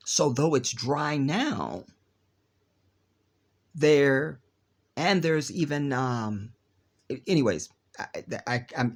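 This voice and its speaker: A man hosting his own channel, talking straight to viewers in a rambling monologue and reading text aloud while skipping parts. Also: mid-range voice. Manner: rambling, reads text aloud and skips with "blah, blah"; talks to viewers directly. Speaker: video channel host.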